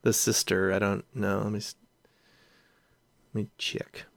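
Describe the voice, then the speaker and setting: A man with a somewhat low voice chats loosely about an old film. He thinks out loud, trails off and checks facts with his co-hosts. The sound is dry and close, with no room around it. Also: little pitch movement, measured pace, creaky, no room sound. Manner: chatty, musing, trails off and asks questions. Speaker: podcast co-host. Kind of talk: casual film discussion.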